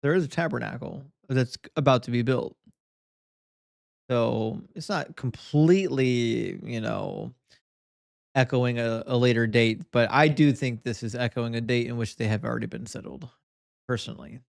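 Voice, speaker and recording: Podcast guy, gravelly creaky voice, opinionated and jokey, dry close sound. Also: mid-range voice, moderate pace, no echo. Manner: opinionated, joking, half-serious rants. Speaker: podcast co-host. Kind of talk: casual chat.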